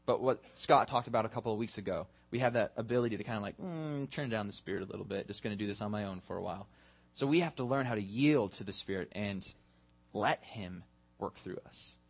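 A man preaching a sermon in a church, asking his congregation earnest questions. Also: medium pitch. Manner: earnest questioning, building to a led prayer. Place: church sanctuary.

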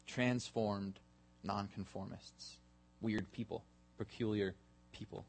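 A pastor preaching a sermon in a relaxed, conversational way, asking his listeners questions and joking about himself. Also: lowish voice, slow pace. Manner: casual and self-deprecating, asks the congregation questions.

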